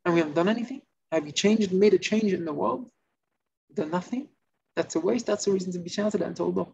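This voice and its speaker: A male rabbi giving an informal Torah class, telling stories and acting out the shouting characters. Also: high voice, fast talker, vocal fry. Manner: animated storytelling, acts out shouting characters. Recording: slightly muffled recording with faint noise.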